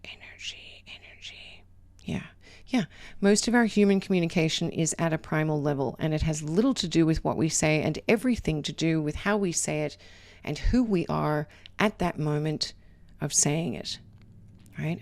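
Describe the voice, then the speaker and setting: A woman with a low voice talks through everyday advice in a relaxed, conversational way. She keeps checking in with the listener by asking "right?" after her points. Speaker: podcast host. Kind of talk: casual advice monologue.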